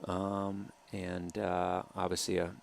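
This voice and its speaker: A man talking through footage of his own film as director, soft-spoken and hesitant, with many pauses and filler sounds. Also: deep voice, monotone, gravelly. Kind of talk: commentary over a film trailer.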